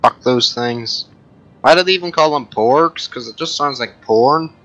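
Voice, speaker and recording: A man's voice: mid-range voice, measured pace, fairly bright tone, dry recording, muffled recording. A man hosting a casual gaming chat, full of profane, rambling banter. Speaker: podcast host.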